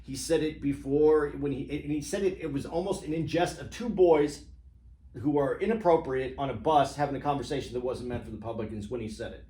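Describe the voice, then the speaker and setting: A man's voice: medium pitch, brisk, mellow. A man co-hosting a podcast, pushing back hard in a political argument with emphatic restarts. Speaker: podcast co-host. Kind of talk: heated political debate chat. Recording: roomy echo.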